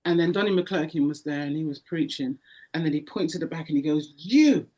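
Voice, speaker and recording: A woman with a low voice recounts her personal testimony in an interview. She tells it as a lively story, repeating phrases and acting out the voices she heard. The delivery is heartfelt and conversational. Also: fast. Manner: animated storyteller, acts out voices, frequent repetitions. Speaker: interview guest. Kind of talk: emotional testimony.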